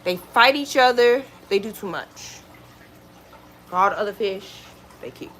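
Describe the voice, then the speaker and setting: A woman vlogger chatting casually at home, retelling stories in an animated, exclaiming way. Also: medium pitch, unhurried, a little hiss or hum. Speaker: lifestyle vlogger. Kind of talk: casual storytelling chat.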